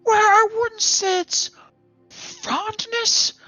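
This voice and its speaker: A man's voice: very high-pitched, steady tone, very slow, pushed and bright, no room sound, soft background music, pitched above the performer's own voice, heavily acted. A man voicing a scrappy male goblin who rambles in broken grammar. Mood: evasive.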